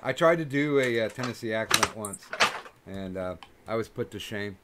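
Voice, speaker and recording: A man's voice: on the low side, animated, normal speed. A man hosting a podcast in casual chat, rambling and joking with many fillers. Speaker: podcast host. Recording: noisy recording.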